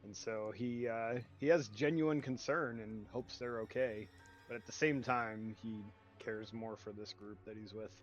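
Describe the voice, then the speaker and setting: A man's voice: lowish voice, fairly even intonation, measured pace, soft background music. A man playing a tabletop game, explaining a character's feelings. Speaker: player. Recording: dull lo-fi audio.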